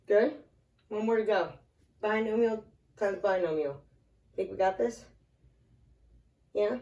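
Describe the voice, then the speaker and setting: A woman's voice: medium pitch, slow, mellow, lo-fi sound. Woman, math teacher, talks through steps aloud, chats with a small child, slightly out of breath, echoey room, distant mic. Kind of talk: casual math lesson at a whiteboard.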